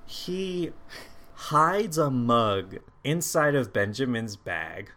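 Bright, lively man swearing casually. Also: medium pitch, extremely slow. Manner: animated, frequent swearing. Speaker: podcast co-host. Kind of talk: casual chat reviewing a movie.

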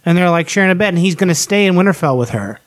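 A man's voice: sits high, animated, racing. A man in casual podcast chat, ranting animatedly with heavy swearing. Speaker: podcast co-host.

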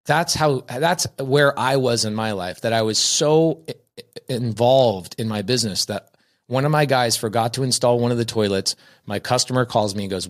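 A man guest casually telling a story about his early business, acting out quoted people. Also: mid-range voice. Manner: acts out quoted people with a raised voice; self-correcting restarts. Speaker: real estate investor guest.

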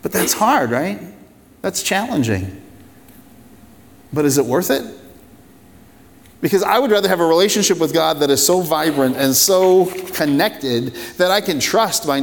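A man's voice: on the high side, slight background noise. Man preaching in a reverberant hall. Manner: conversational, emphatic preaching with repeated phrases. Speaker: pastor. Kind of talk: sermon. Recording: long reverb of a large hall.

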